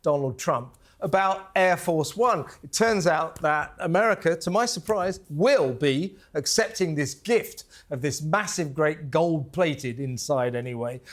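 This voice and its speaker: A man hosting a talk show, telling stories in a casual studio chat, halting with fillers and restarts. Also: a little high.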